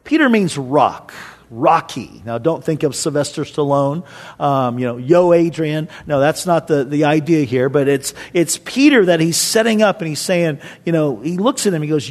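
Guy pastor w a high voice, chatty storytelling sermon at church. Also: darkish tone. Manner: conversational, storytelling, acts out quoted voices.

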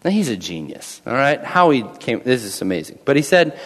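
A man's voice: medium pitch, sing-song, brisk, a bit bright. A man in his thirties preaching a sermon in a church, talking conversationally, repeating phrases and acting out quoted voices. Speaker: pastor. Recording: long hall reverb.

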